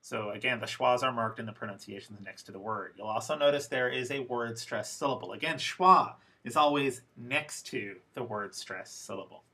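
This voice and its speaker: A man teaching English pronunciation in a lecture, speaking deliberately and repeating example words slowly for learners. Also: medium pitch, sharp tone. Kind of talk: recorded classroom lecture.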